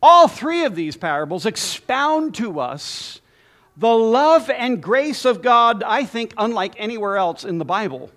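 A man preaching a sermon as pastor, emphatic with dramatic pauses and lists. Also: very high-pitched, very animated, a bit bright.

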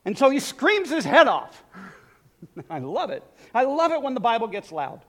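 A male preacher delivers a sermon with animated emphasis and turns often to speak straight to his listeners. His voice sits high and leaps up and down in pitch. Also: moderate pace.

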